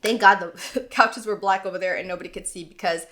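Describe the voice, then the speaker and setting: A woman's voice: medium pitch, fairly even intonation, fast talker, a bit bright. A woman co-hosting a podcast, telling a personal story in a subdued, earnest casual way. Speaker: podcast co-host.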